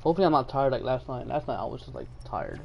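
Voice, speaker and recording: A man's voice: medium pitch, very animated, fast, gravelly, dull audio, slight background noise. A young man from Texas live-streaming a game, chatting casually and joking while reading viewer messages aloud. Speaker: gaming streamer.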